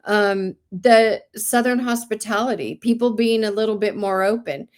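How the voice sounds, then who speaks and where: A woman from California with Greek heritage, guesting on an interview and telling her story with energy. She brings her tales to life by putting on the voices of the people she quotes, and her pitch sits in the middle of the usual range for a woman. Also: moderate pace. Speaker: guest, farmer.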